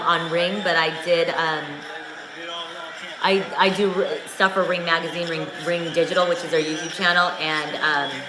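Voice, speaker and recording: A woman hosting a casual boxing watch-along livestream, talking in a rambling, profane, chatty way with many restarts. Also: fairly low pitch. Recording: echoey room with loud background noise.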